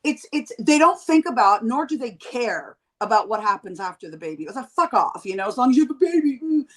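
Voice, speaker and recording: A middle-aged woman from Canada, a podcast guest, talking in a blunt, profane and animated way in casual chat. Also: a little high, a little fast.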